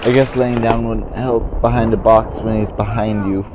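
A man's voice: on the low side, steady tone, normal speed, background noise. Frustrated guy doing gameplay commentary. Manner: confused, frustrated muttering, says "dude" a lot. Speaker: gamer.

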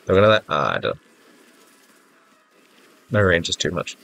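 Low-voiced stuffy gamer man rambling. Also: sing-song, normal speed, gravelly, a bit bright. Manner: rambling, self-mocking, easily flustered. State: congested, stuffy-nosed. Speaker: gaming YouTuber. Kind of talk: casual gameplay commentary. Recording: faint game music behind.

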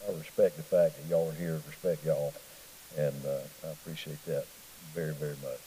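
A man's voice: extremely low pitch, level tone, a little fast, dark tone, long reverb tail, slight background noise, poor audio. A middle-aged man teaching a church Bible study in a folksy, conversational way, often asking the room questions. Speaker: pastor. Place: church hall.

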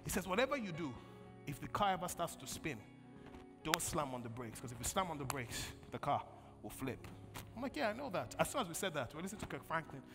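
A male pastor delivers a sermon in a large church hall, his voice high and lively and a little fast. He uses call-and-response, swinging from loud bursts to quiet storytelling. Long hall reverb and faint music fill the recording.

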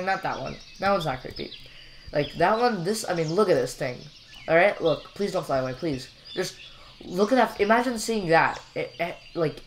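A man's voice: fairly high pitch, a little hiss or hum. Chatty young man rambling over gameplay. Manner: chatty, rambling and jokey, with frequent fillers. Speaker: gameplay commentator. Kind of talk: casual gameplay commentary.

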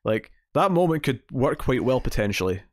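A man's voice: mid-range voice, very animated, moderate pace, no room sound, clean studio sound. A man hosting a casual comics TV podcast, rambling and correcting himself, often laughing. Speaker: podcast host.

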